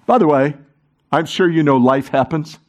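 A man preaching a sermon to a congregation, animated, talking with the room and acting out the quoted voices. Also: fairly high pitch, normal speed. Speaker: pastor.

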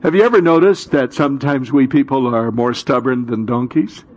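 A male pastor giving an animated sermon to a congregation, with rhetorical questions and dramatic pauses. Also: mid-range voice, dull audio, a little hiss or hum.

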